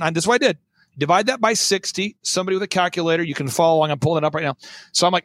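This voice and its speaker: A man's voice: on the high side, fairly bright tone, no echo. A man talking as a guest on a talk show, emphatic and driving, repeating his points for effect. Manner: emphatic, repetitive, fast-driving. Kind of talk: energetic talk-show conversation.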